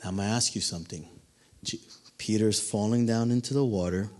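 A man's voice: on the low side, fairly even intonation, brisk, a little mellow. A man preaching a sermon, asking the listeners questions and acting out the quoted lines. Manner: dramatic, acts out quotes, asks the congregation questions.

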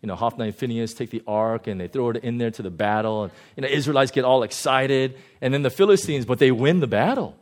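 A male pastor giving a conversational sermon, animated and often chuckling. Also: mid-range voice, fast, few pauses.

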